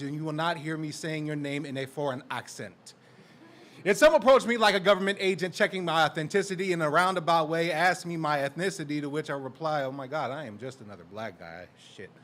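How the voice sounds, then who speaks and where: A man from Portland, Oregon performing a defiant, profane spoken word poem at an open mic, his voice building to shouted lines. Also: high voice. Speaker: performing poet. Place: live open mic in a community center.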